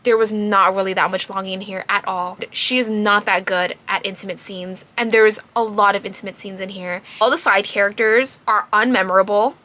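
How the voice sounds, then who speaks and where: A woman giving a casual book review to camera, emphatic and quick to laugh. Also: mid-range voice, steady tone, bright, forceful tone.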